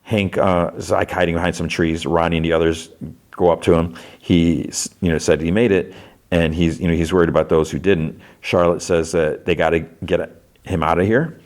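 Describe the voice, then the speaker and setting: A man's voice: low-pitched, fairly even intonation, normal speed, darkish tone. A male podcast host casually recapping episodes, talking loosely with many fillers and acting out quotes in a raised voice. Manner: loose delivery with frequent fillers.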